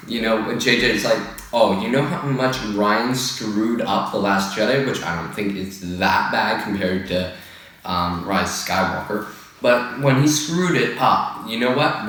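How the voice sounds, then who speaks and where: Man for a casual rant video, rambling and exasperated, mid-pitched, set back from the mic. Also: fairly bright tone. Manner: rambling, filler-heavy, exasperated. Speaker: video host. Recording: echoey room, far from the mic.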